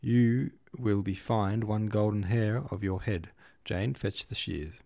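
A man's voice: fairly low pitch, fairly even intonation, slow, vocal fry, mellow. A man voicing a theatrical, proud middle-aged father who declaims in grand, pompous phrases in an audiobook reading. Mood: mock-pompous.

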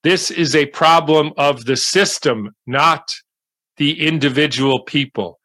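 An older man delivering a slow, deliberate monologue of commentary. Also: on the high side, pushed and bright, no echo.

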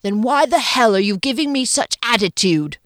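A woman voicing a bullying male kitchen boss who puts on a bad, shouty English chef act and swears loudly. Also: a little high, animated, normal speed, no echo, clean studio sound, pitched above the performer's own voice.

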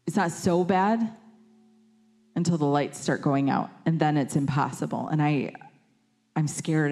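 Woman, low voice, mellow tone, casual sermon, lively quoted voices. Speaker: preacher.

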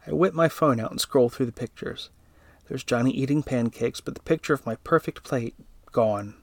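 A man reading a first-person story aloud in a steady, even narrating voice. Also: mid-range voice, normal speed, dry recording.

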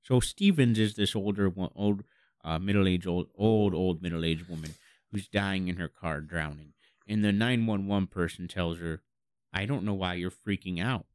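A man's voice: low voice, normal speed, darkish tone, smooth, no echo, clean studio sound. A man co-hosting a comedy talk show, telling absurd stories in a mock-serious announcer manner. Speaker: comedy podcast co-host. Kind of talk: absurdist comedy radio chat.

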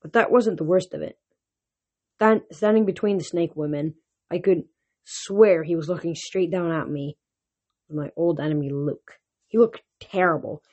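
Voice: medium pitch, normal speed, darkish tone. Amateur audiobook reader with slips. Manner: first-person narration with frequent slips and restarts. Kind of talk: audiobook reading of a novel.

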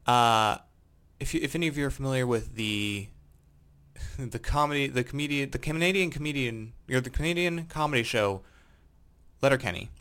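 A man's voice: mid-range voice, moderate pace, fairly bright tone, smooth. A man co-hosting a gaming podcast, telling a rambling story in casual chat, correcting himself as he goes. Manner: rambling storyteller, self-correcting, laughs at own jokes. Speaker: podcast co-host.

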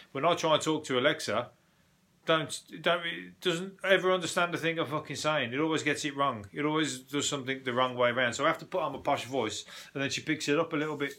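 A man's voice: mid-range voice, a little fast, bright, forceful tone. A man hosting a casual news review, rambling, swearing and laughing as he goes. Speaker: podcast host.

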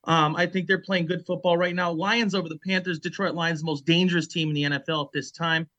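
A man's voice: fairly high pitch, little pitch movement, fast, sharp tone, no room sound, highs cut off. A man co-hosting a casual sports podcast, confident and decisive as he gives his picks. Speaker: podcast co-host.

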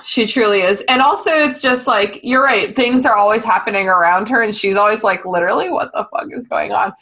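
A woman's voice: medium pitch, brisk, rough recording. Laughing, swearing woman co-host. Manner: laughs a lot, swears, animated. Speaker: podcast co-host. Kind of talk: casual book-club chat.

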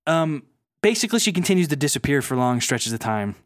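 A man casually retelling a reality show, with animated storytelling and mocking impressions of the people he quotes. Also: on the high side, fairly quick, no echo, clean studio sound. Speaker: podcast co-host.

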